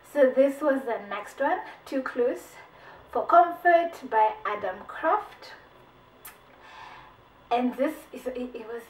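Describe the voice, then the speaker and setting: A woman giving a casual book review vlog, chatty and animated, often saying "like" and repeating phrases. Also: fairly high pitch, reverberant, recorded from a distance, a little hiss or hum, rough recording.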